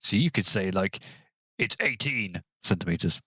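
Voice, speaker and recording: Male gaming host, low-pitched, loose rambling comic delivery, mutters counts under breath. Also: lively intonation, moderate pace, sharp tone, slightly rough, dry recording, studio quality. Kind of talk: casual gaming commentary.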